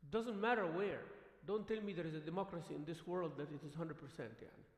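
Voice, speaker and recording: A man giving a conversational sermon as imam, animated, acting out the voices of the people in his stories and dropping in Arabic words. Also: on the high side, fast talker. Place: mosque prayer hall. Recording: echoey hall livestream.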